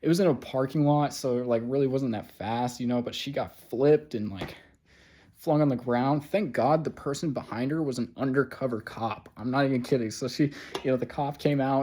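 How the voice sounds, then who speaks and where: Here a vlogger with a dark, mid-range voice speaks at ordinary speed. His personal story comes out loose and meandering, full of profanity and gap-fillers such as "you know" and "like."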